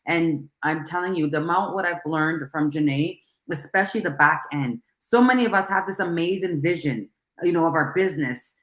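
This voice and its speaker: A middle-aged woman hosting a casual talk show, talking in an animated, rambling way and laughing often. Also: lowish voice, fairly quick, reverberant.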